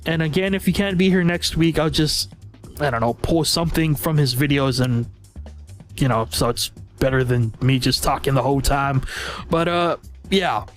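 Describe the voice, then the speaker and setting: A man hosting a casual weekly gaming recap, rambling with laughs, his voice going hoarse. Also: on the high side, normal speed, soft background music. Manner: rambling, laughs often, restarts. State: losing his voice. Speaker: channel host.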